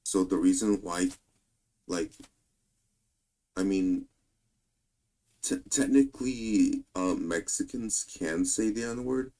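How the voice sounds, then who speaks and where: A man with a very low, dark voice full of gravelly fry. He chats casually on a stream and talks in halting, hesitant fragments. The sound is mellow rather than bright. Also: rough recording. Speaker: co-host on a livestream. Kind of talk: casual chat on a livestream.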